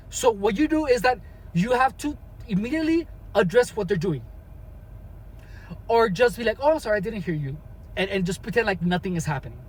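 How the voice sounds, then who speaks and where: A man's voice: high voice, husky, low-quality recording. A man talking casually as a vlogger, giving advice in a rambling way with many restarts.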